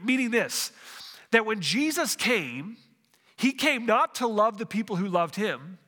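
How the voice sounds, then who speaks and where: A man's voice: sits high, big pitch swings, unhurried, bright, forceful tone, big-room sound. A man preaching a sermon, working through a passage verse by verse, often restarting phrases and asking the congregation questions. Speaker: pastor.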